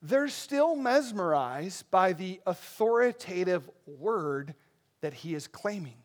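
A man with a high voice preaches an expository sermon at a slow pace. His delivery is conversational and animated, full of asides to the congregation.

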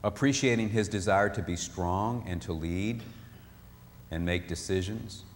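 A man giving a sermon-style talk on marriage, animated, acting out what spouses say. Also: deep voice, a little slow, in a large hall, a little hiss or hum. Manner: animated, acts out spouses' voices. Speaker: marriage speaker.

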